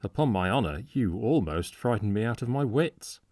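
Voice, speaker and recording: A man reading a storybook part as a frank, cheerful young gentleman who speaks warmly and eagerly and laughs easily. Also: on the low side, lively intonation, moderate pace, no room sound, clean studio sound. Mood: cordial. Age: young adult.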